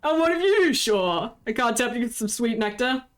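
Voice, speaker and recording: Brief: streamer doing a drunken, scornful ship captain, raised and theatrical, game read-aloud. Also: female voice, fairly high pitch, animated, moderate pace, natural voice. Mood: mocking. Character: drunken mocking ship captain, gruff man.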